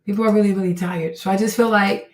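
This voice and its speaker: A woman's voice: mid-range voice, fairly even intonation, fast talker, darkish tone. A woman hosting an opinionated commentary stream, talking emphatically and rhetorically, repeating phrases for effect. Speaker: host. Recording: roomy and distant from the mic.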